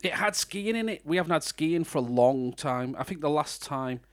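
A man's voice: a little high, lively intonation, moderate pace, dry recording, clean studio sound. A British man hosting a podcast, chatting casually about a film and laughing often. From Britain. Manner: chatty, laughs often, breaks into mock voices. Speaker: podcast host. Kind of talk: casual film review chat.

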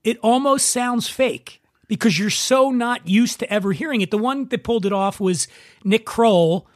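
A man's voice: very high voice, normal speed, no room sound, studio quality. A man with a Philadelphia accent hosting a podcast, chatting casually with a guest over drinks. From Philadelphia, USA. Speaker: podcast host. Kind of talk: casual chat.

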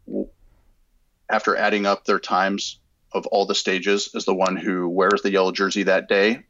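A man guesting on a podcast, talking in a relaxed way with plenty of hesitations. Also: sits low, no echo, highs cut off. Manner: relaxed, hesitant with many uhs. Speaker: photographer guest. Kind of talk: casual interview chat.

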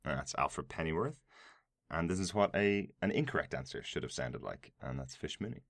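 Super deep voice guy hosting a podcast, dry close sound, friendly, lots of uhs. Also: animated, moderate pace, vocal fry, fairly bright tone, no echo. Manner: friendly, hesitant with uhs, reads out details. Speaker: podcast co-host. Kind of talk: casual podcast intro chat.

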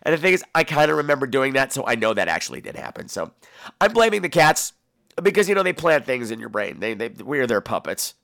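This podcast host has a mid-range voice with vocal fry and talks fairly quickly. In a casual monologue he tells stories in an animated, campy, theatrical way, swearing freely, on clean studio audio with no echo.

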